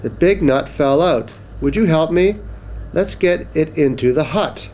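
A man's voice: a little slow, a little mellow, a little hiss or hum, natural voice. A man voicing an earnest male cartoon duck in a children's storybook, with a raised, sing-song voice. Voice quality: higher voiced than narration.

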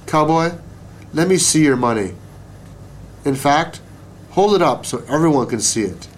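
Man voicing a storybook judge, wry, unhurried, shrewd, slow speech. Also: a little high, animated, a little hiss or hum, voice pushed up. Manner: leisurely and wry. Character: shrewd unhurried male small-town judge.

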